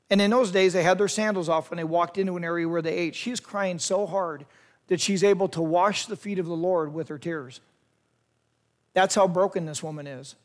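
A youth pastor, a man retelling a scripture story vividly and speaking straight to young listeners. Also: high-pitched. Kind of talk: storytelling sermon to a youth group.

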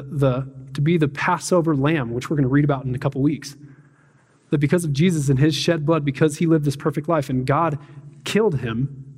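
A man preaches in a loose, talky way, dropping in fillers and playing out little voices. His voice sits a bit high for a man. The sound has a long reverb tail from a large hall. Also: darkish tone, slightly rough. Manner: conversational, peppered with "like" and "man", acts out voices. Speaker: pastor. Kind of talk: casual sermon.

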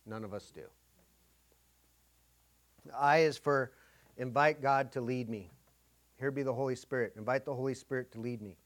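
A middle-aged man delivering a sermon in a relaxed, conversational way, with a voice of ordinary pitch. He often slips into acting out little inner dialogues while he preaches. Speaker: pastor.

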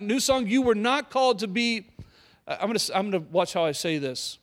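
A man's voice: high-pitched, fairly bright tone. A middle-aged male pastor preaching a sermon, emphatic, repeating key phrases and putting questions to the congregation.

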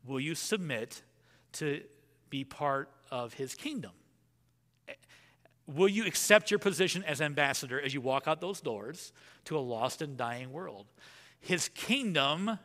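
High, bright-voiced preacher in a reverberant hall. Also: male voice. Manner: animated preaching, shifting from loud emphasis to near-whispers; reads scripture in a slow, measured voice. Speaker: pastor. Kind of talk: sermon.

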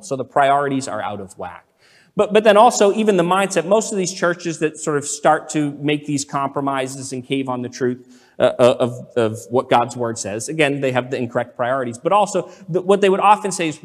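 Guy preaching a sermon, kinda high voice, long echo like a big hall, keeps saying right?. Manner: earnest, repeats "right?" and restarts, reads scripture aloud. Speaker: pastor.

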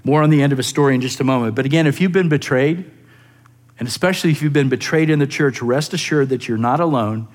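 A man preaching a sermon on a psalm, earnest and rising into animated emphasis, often repeating words as he goes. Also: mid-range voice, quick pace. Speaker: pastor.

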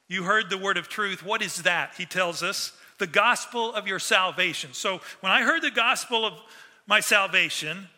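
A man preaching a sermon, animated, acting out the voices he quotes. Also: sits high. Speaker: pastor. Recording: long hall reverb.

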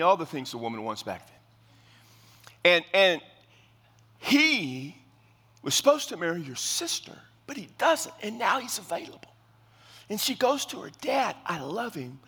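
A middle-aged man preaching a sermon in a Baptist church, telling the story in a conversational, animated way. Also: a little high. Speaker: pastor. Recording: long church reverb.

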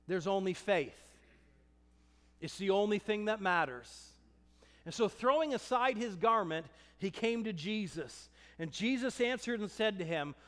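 A male preacher with a strikingly high voice, delivering an impassioned sermon that swings between shouted declarations and hushed, weighty phrases. He takes his time, letting the words stretch out slowly. The sound rings through a large hall with a long reverb tail. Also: expressive.

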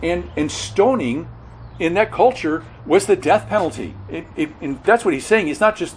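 A man preaching an expository sermon, earnest and halting, often repeating words and correcting himself mid-sentence. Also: fairly high pitch, lively intonation, slight background noise, low-quality recording. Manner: earnest expository teaching, stresses key words.

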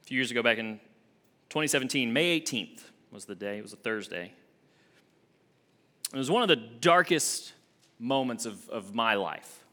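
Young guy preaching, bright voice, pitch all over the place, gets loud then real quiet. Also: moderate pace, long pauses. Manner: expressive preaching, wide swings from emphatic to hushed. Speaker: associate minister. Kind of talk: sermon.

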